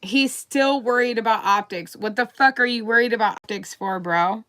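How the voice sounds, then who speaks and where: A woman's voice: a little high, moderate pace, fairly bright tone. A woman hosting a livestream, ranting about politics in a blunt, heated way and swearing constantly. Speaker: livestream host. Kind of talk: casual profane political rant.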